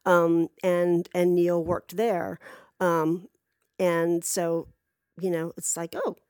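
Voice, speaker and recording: A woman's voice: fairly low pitch, level tone, takes it slowly, a little mellow, clear, resonant tone, no echo. A woman casually telling a personal story, rambling with many fillers and restarts and swearing freely.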